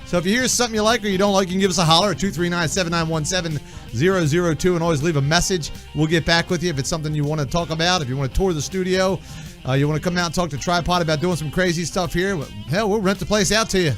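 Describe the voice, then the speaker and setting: A man hosting a casual talk radio show, joking in a brash, rapid patter. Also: high-pitched, soft background music.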